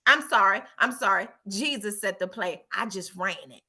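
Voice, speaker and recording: A woman's voice: mid-range voice, moderate pace, bright, forceful tone. A middle-aged woman telling a story and giving a motivational talk, with emphatic repetition and a preachy tone. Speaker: motivational speaker.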